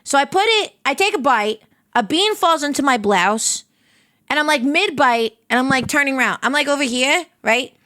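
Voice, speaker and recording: High-voiced woman streamer telling a story. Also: normal speed, no echo, studio quality. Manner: animated anecdote telling with acted-out quotes. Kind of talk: casual storytelling to stream chat.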